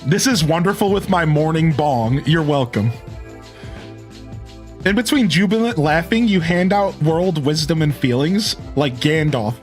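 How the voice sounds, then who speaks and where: A man's voice: a little high, lively intonation, measured pace, faint music behind. A man in his thirties rambling casually with his live-stream viewers, chuckling and thanking them by name. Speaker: game streamer.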